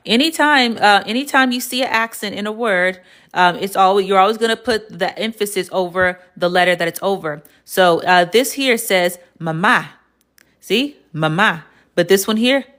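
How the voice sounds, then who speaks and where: A woman's voice: lowish voice, a bit bright. An American woman teaching a live online Spanish lesson, casually quizzing her viewers and encouraging them.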